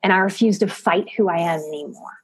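This woman's voice is lowish, husky, and brisk as she guests on a podcast as a psychotherapist and life coach. Talking conversationally with the interviewer, she's emphatic and expressive, doubling up words for emphasis.

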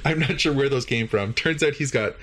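A man casually recapping a show episode, rambling and animated, with many fillers. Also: medium pitch, brisk.

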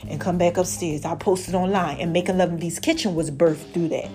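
A woman's voice: on the low side, steady tone, brisk, dark tone, soft background music. Chatty woman preaching a story. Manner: chatty, keeps asking "right?". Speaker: podcast host. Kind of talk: casual sermon-style storytelling.

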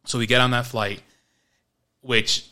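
Measured in pace and medium in pitch, a man from New York co-hosts a podcast and tells a story over casual conversation. He plays out the quotes with animation and laughs as the tale goes on.

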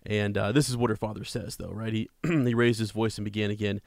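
A man's voice: fairly low pitch, fairly even intonation, fairly quick, vocal fry, hardly any pauses, darkish tone, no echo, clean studio sound. A man discussing a novel in casual chat, reflective and chatty, reading out passages now and then. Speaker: co-host of a book discussion.

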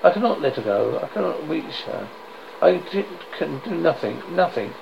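A man reading the part of a feverish, desperate bedridden man who begs to go to his dead wife, in a gravelly voice with broken repetitions. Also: on the high side, big pitch swings, moderate pace, full character voice. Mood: anguished. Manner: pleading, frantic, broken repetitions. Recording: dull lo-fi noisy recording.

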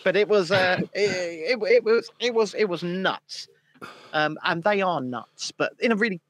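A man's voice: high-pitched, unhurried, fairly bright tone. A man hosting a live stream, sweary and laughing often in casual banter. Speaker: podcast host.

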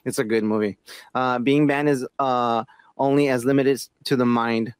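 Laid-back podcast co-host, dry sound. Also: male voice, mid-range voice, steady tone, clean tone, dry recording. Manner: laid-back, short agreeing replies, halting when reading aloud. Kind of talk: casual podcast chat.

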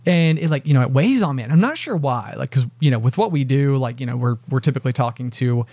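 A man's voice: medium pitch, animated, fast talker, warm tone, no room sound. Rambling man chatting on a podcast. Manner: rambling, self-deprecating, heavy on filler "like". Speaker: podcast co-host. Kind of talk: casual chat. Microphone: podcast mic with headphones.

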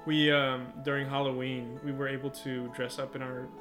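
A man's voice: mid-range voice, level tone, moderate pace. Easygoing young male podcast co-host. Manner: easygoing storyteller, laughs along. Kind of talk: casual chat. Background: guitar music.

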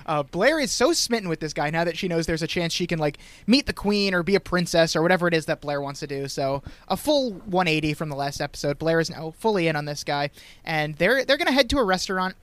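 A man's voice: fairly high pitch, expressive, fast talker, a bit bright, dry recording. A man from Long Island hosting a podcast, recapping a TV episode in casual chat and laughing often as he goes. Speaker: podcast host.

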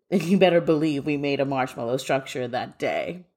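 A woman's voice: a bass voice, brisk, few pauses. A young woman who grew up in Canada, telling a funny childhood story with playful voices. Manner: lively comic storytelling with mock voices. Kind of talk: told personal story.

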